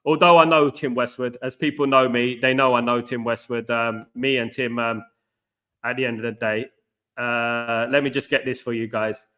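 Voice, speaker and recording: A middle-aged British man hosts a football channel, rambling casually to viewers in a live-stream chat. He repeats himself and calls his audience "guys." His voice is mid-range and sharp, with flat delivery at normal speed.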